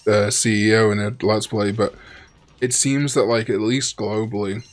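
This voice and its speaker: A man's voice: lowish voice, steady tone, normal speed. A man chatting and joking casually as co-host of a Let's Play. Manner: chatty, joking, rambling asides. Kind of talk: casual gaming chat.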